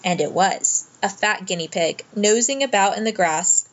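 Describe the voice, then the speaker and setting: A woman narrating a children's storybook aloud in a gentle, measured way. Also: medium pitch, lo-fi sound. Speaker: audiobook narrator.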